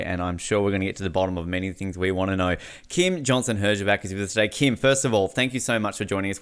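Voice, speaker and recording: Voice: mid-range voice, clear, resonant tone. A podcast host opening an interview and asking rambling, enthusiastic questions. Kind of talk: casual interview.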